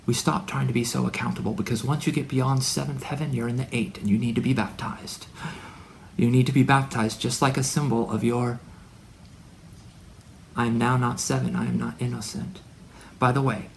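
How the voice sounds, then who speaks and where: A man delivering a rambling spiritual monologue to his son. He is preachy and full of wordplay, and he swings from loud declarations to hushed asides. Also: medium pitch, creaky, a little hiss or hum. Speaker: religious speaker addressing his son.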